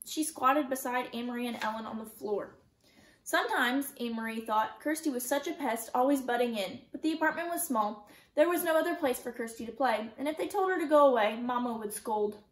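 A woman teacher reading a novel chapter aloud with clear, expressive storytelling. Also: on the high side, fairly quick. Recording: roomy echo.

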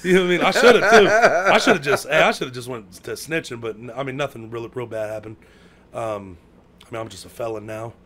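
An American man telling a story in casual chat, full of slang, who acts out quotes with sudden loud outbursts. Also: mid-range voice, fast, crowd noise. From United States. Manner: heavy slang, lots of "bro" and "like".

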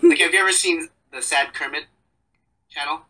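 A man's voice: on the high side, moderate pace, pushed and bright, slightly rough, rough recording. A young man chatting as a podcast guest, rambling and joking in a self-deprecating way. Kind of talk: casual chat.

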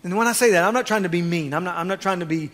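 A man preaching a sermon as pastor, swinging from quiet asides to loud, fervent exhortation. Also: high-pitched, racing, big-room sound.

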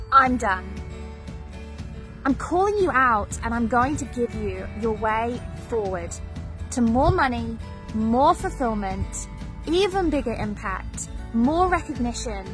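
Brief: woman coach, somewhat high voice, earnest and emphatic motivational read, clear music bed behind. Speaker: business coach. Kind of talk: motivational voice-over.

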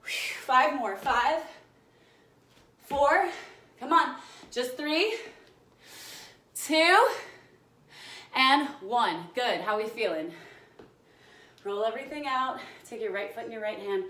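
Her voice sits on the high side, bright and forceful with lively intonation, and she takes things slowly with frequent pauses. She's a young woman teaching a live workout class indoors at home, counting reps down, naming viewers as she greets them, and panting as she exercises too, all caught by a faraway phone in an echoey room.

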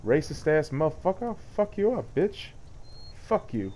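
A man's voice: a little high, sing-song, moderate pace, dark tone, slight background noise. A man doing a rowdy, profane, over-the-top let's play commentary. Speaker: gamer.

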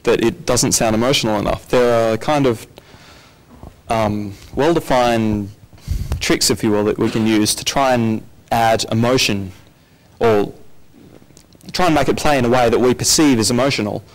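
A man's voice: medium pitch, moderate pace, rough recording. A man presenting a technical conference talk, explaining plainly and handing over to a colleague.

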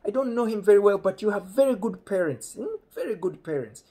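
A man voicing an eager older father who fusses with excited exclamations and stammered repeats. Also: sits high, a little fast, slightly rough, voice pushed up. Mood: excited fussing.

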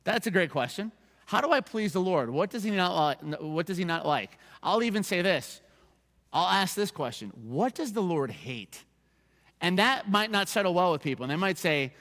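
A man's voice: fairly high pitch, expressive, a little fast, a bit bright, long reverb tail. A man preaching a sermon as pastor, conversational, repeating verse references and checking in with the congregation. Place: church sanctuary.

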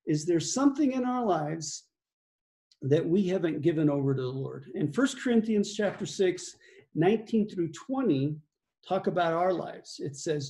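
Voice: medium pitch, animated, moderate pace, dark tone. A pastor giving conversational Bible teaching and reading scripture aloud, with fillers and chuckles.

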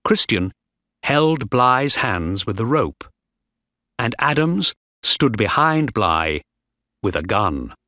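A man narrating a graded-reader audiobook in a slow, clear storytelling manner. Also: on the low side, big pitch swings, sharp tone, no echo, clean studio sound.

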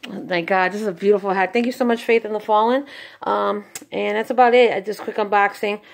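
A young woman vlogging an unboxing, excited and gushing, thanking the sender over and over. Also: medium pitch, a little fast, gravelly. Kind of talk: casual unboxing vlog.

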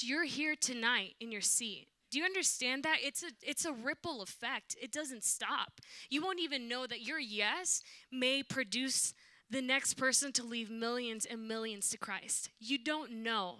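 A young woman worship leader telling a lively testimony in church, acting out the voices of the people in her story. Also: on the high side, no room sound. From Southern California, USA. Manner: animated, acts out quoted voices. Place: church sanctuary.

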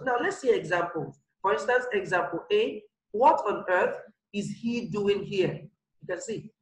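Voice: medium pitch, roomy sound, low-quality recording. A teacher giving an online grammar lesson, repeating each example sentence and stressing the key words.

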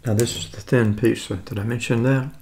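An American man in his seventies, a food vlogger, rambles and chats casually while tasting food on camera, often correcting himself. His voice is medium-pitched, gravelly and slightly mellow, with fairly even intonation and a fairly quick delivery.

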